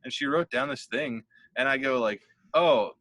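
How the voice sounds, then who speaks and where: A man's voice: medium pitch, moderate pace, a bit bright, no echo. A young man co-hosting a podcast, telling a rambling story in casual chat, swearing freely and laughing as he goes. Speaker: podcast co-host.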